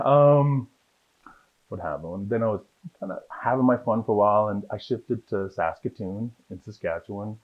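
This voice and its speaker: A man telling lively stories about his acting career in a casual interview, acting out the people in them. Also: fairly low pitch. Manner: animated storyteller, acts out voices in his anecdotes. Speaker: guest, actor. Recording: dull lo-fi sound.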